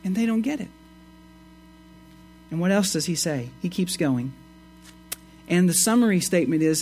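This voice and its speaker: A man preaching a sermon, reading scripture and explaining it with emphatic rises and quiet asides. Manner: expressive, swings between emphatic rises and low asides. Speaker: pastor.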